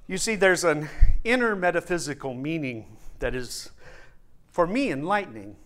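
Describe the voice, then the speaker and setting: A male minister preaching a sermon who speaks deliberately and repeats his key phrases for emphasis. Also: a little high.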